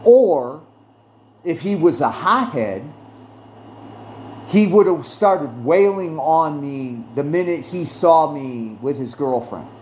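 Slow, lively-pitched earnest male storyteller. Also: a little hiss or hum. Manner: earnest, emphatic, repeats phrases for stress. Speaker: podcast host. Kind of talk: personal storytelling monologue.

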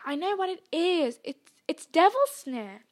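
A bossy know-it-all schoolgirl witch, as a woman reading aloud puts her on, sharp-tongued and high-pitched, ordering the others about. She sounds anxious and clipped. The lines come from a storybook read aloud. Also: very animated, a little slow, exaggerated voice.

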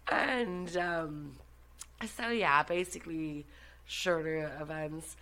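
Irish woman guest, fiery and profane storyteller, lowish voice, talks with rising energy. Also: moderate pace, poor audio. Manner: animated, swearing, laughing often. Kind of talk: casual storytelling.

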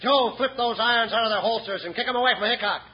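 A sneering villain rancher. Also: male voice, extremely high pitch, quick pace. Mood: gloating. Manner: sneering, bossy. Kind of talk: 1950s radio western acting. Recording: muffled old broadcast with faint hiss.

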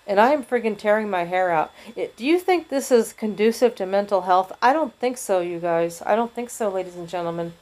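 A woman's voice: medium pitch, animated, brisk, hardly any pauses, a little mellow. A woman hosting a podcast, giving a frustrated, rambling monologue that is full of restarts and swearing. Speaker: podcast host. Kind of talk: personal venting monologue.

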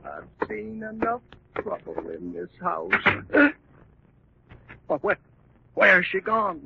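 A man's voice: high-pitched, takes it slowly, narrow, tinny audio, very noisy, full character voice. An actor playing a frightened, superstitious old male servant who stammers, in a 1940s radio drama. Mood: terrified. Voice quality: gravelly, shaky and stammering.

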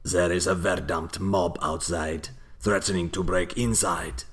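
Stern German soldier voiced by a man, put-on German accent, deep, slow, husky. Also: fairly even intonation, fairly bright tone, heavily acted. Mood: cold, commanding. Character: stern male German soldier, cold and brutal. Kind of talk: comic reading of a comic book.

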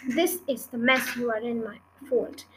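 A woman voicing a clever, confident male fox in a storybook reading, speaking in a bright, reassuring voice. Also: a little high, a little slow, a little hiss or hum, low-quality recording. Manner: reassuring, sly.

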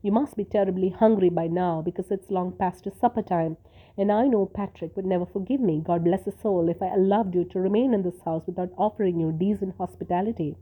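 Woman reading a courteous, grieving young wife, gentle and pleading, tinny phone-like sound. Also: lowish voice, fairly quick, husky. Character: grieving young housewife, sweetly polite and calculating.

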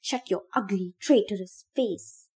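A woman's voice: mid-range voice, unhurried, a little mellow, lightly acted. A woman doing a frantic shrieking boy. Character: unhinged teenage boy, wild and shrieking.

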